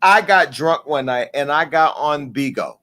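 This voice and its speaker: A man in his forties hosting a live talk show, telling a story in a casual, profane way and acting out the dialogue with lively jumps in pitch. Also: a little slow. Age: 40s. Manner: animated, acts out quoted dialogue with pitch jumps.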